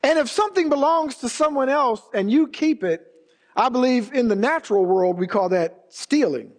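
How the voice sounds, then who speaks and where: A pastor with a very high-pitched, expressive voice delivers a sermon at a moderate pace in a church sanctuary. He's emphatic and repeats key phrases for weight, and the long reverb of a large hall surrounds his words.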